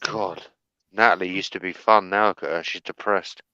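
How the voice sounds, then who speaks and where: Brief: jokey man, bright, crisp tone, dry lo-fi mic. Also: deep voice, steady tone, normal speed. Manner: teasing, jokey banter. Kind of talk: casual chat.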